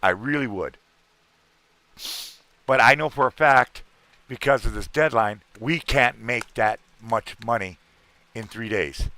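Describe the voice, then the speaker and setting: A man's voice: mid-range voice, measured pace, long pauses, pushed and bright, no echo. A middle-aged man hosting a casual livestream chat, talking in a rambling, earnest way and repeating himself. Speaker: livestream host.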